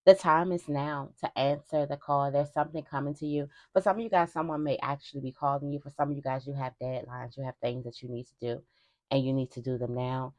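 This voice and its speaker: A woman's voice: a bass voice, steady tone, a little fast, darkish tone. A young woman giving a spiritual reading to her viewers in a casual, emphatic way, repeating phrases as she talks. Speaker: tarot reader.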